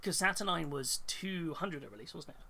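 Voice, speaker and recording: A man's voice: fairly high pitch, animated, moderate pace, creaky, pushed and bright, slight background noise. Congested man chatting casually. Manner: rambling, thinks aloud with many fillers and restarts, reads chat. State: congested with a cold. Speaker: hobby streamer. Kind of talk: casual live-stream chat.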